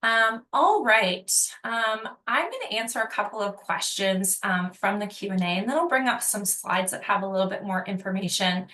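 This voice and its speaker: A woman's voice: mid-range voice, animated, moderate pace, few pauses, sharp tone, echoey room. A woman hosting a live webinar Q&A as a university dean, explaining things in a friendly way with many filler ums. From not from Australia.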